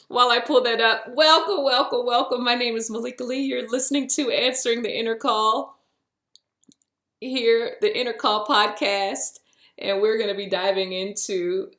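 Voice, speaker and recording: A woman talks through her spiritual podcast in a loose, playful style, calling the listener honey and boo. Her voice sits at a middle pitch. The recording is roomy, with a clear echo around her. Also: a bit bright. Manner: chatty and playful, with pet names like honey and boo. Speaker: podcast host. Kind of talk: casual spiritual podcast monologue.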